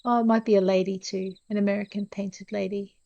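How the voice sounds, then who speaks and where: A woman's voice: mid-range voice, flat delivery, brisk, gravelly, warm tone, dull audio, slight background noise. A woman chatting casually to her viewers as she plays a game, self-deprecating and talkative. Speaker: gameplay narrator. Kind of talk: casual let's-play commentary.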